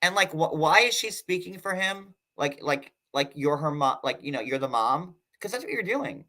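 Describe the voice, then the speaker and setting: This livestream host's voice sits a little high and swings widely in pitch, with a bright, slightly sharp edge. Chatty and sarcastic, he keeps dropping fillers and fast side comments into a casual stream.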